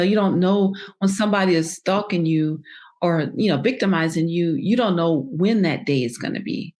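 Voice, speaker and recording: A woman as a podcast guest, telling a personal story in a halting way, full of fillers and restarts. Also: fairly low pitch, a little mellow.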